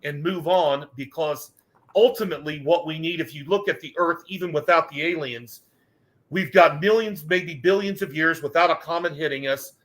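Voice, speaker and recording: Older man, bright tense voice, slightly high, earnest and rambling, podcast guest. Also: moderate pace. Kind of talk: casual podcast conversation.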